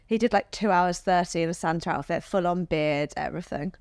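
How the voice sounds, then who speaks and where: A woman co-hosting a podcast, speaking calmly in short remarks. Her voice is smooth and clear, and the sound is dry. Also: on the low side, a little fast, dry recording. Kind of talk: casual interview chat.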